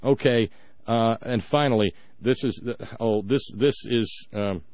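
A man's voice: mid-range voice, a little slow, no room sound, highs cut off. A man hosting a radio talk show, giving sarcastic, emphatic commentary with frequent restarts.

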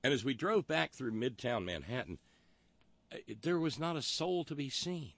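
A man's voice: mid-range voice, big pitch swings, moderate pace, fairly bright tone, no room sound. A man hosting a talk show, delivering a wry, rambling monologue full of historical asides. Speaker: radio talk show host.

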